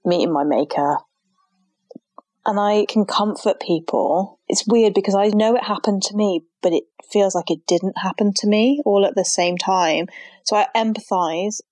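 A woman's voice: fairly low pitch, a little mellow, no room sound. A young woman, telling her personal story in an interview in an earnest, heartfelt way, with many "like" fillers. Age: young adult. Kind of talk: emotional personal account.

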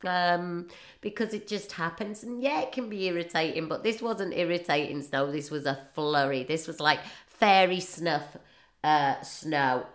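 Chatty Northeast English woman, lower-pitched. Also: a little slow. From northeast England. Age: 40s. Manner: rambling, jokey, laughs often. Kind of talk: casual comic monologue.

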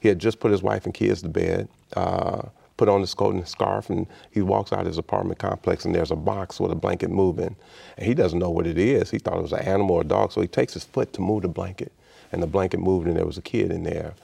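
A man's voice: low-pitched, fairly even intonation, fast, vocal fry, warm tone, slightly rough. A middle-aged man from Chicago, a guest in an interview, tells a personal story with animation and acts out the voices of the people in it. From Chicago, United States. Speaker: interview guest, state official.

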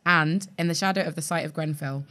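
A woman's voice: sits low, a little fast. A woman hosting a podcast interview, effusive and openly emotional. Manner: effusive and warm-hearted, emotional. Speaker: podcast host.

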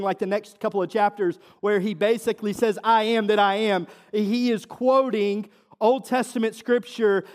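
High-voiced preaching pastor in a reverberant hall. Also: male voice. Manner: earnest preaching, many restarts and "like", slows and drops soft on quoted verses. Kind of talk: sermon. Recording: long reverb of a church hall.

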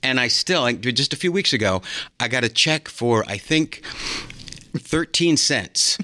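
Older man in his 60s, bright clear voice, dry close sound, lively anecdotes, quick self-mocking asides, casual podcast chat. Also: mid-range voice, dry recording. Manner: animated storyteller, quick asides and self-mockery. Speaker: podcast co-host and part-time actor.

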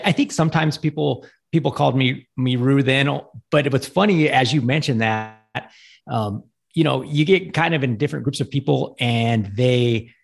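A middle-aged firefighter on a podcast, chatting in a laid-back, halting way with lots of fillers. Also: male voice, mid-range voice, vocal fry. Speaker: podcast guest co-host, firefighter. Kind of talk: casual podcast chat.

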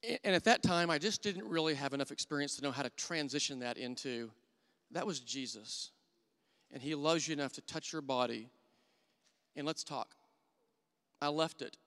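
A middle-aged man preaching a sermon, telling personal stories earnestly and dropping to a hushed voice when he quotes his own thoughts. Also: a little high, moderate pace, pauses often. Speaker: church elder preaching. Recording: long hall reverb.

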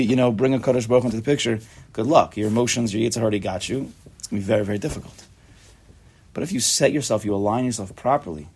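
A man's voice: mid-range voice, a little mellow, slightly rough. A man giving a casual, chatty Torah class, joking and mixing Hebrew and Yiddish terms into his talk.

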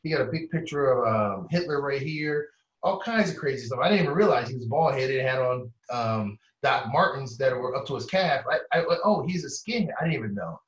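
A man with a mid-range voice tells animated stories, full of slang and sudden high-pitched impressions of the people he quotes. He sounds distant from the mic in an echoey room. The sound is a little dull. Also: fairly quick. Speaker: therapist, interview guest. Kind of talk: animated storytelling in conversation.

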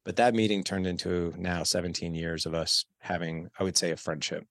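A man in his thirties, a parenting coach appearing as a podcast guest, tells a candid personal story in a casual interview and acts out the dialogue. His voice sits low with fairly even intonation and a fairly bright tone, moving briskly. The studio sound is clean with no echo.

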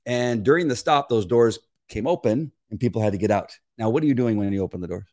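A man's voice: mid-range voice, quick pace. An older man, a regular on a talk show, explaining scent detection in casual chat and acting out conversations. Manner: animated, acts out quoted exchanges in a raised voice.

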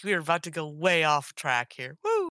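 A woman in her thirties co-hosts a gaming podcast, her voice hoarse from illness yet bright and forward. She talks in an animated, laughing, tangent-hopping way. The sound is dry and close. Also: low voice, normal speed, no echo. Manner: animated, laughs often, jumps between topics. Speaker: podcast co-host. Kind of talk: casual chat.

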